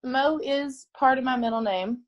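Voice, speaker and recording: A young woman from North Carolina, a stand-up comedian guest, telling jokey stories in animated chat. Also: sits high, unhurried, muffled recording. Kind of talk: casual chat.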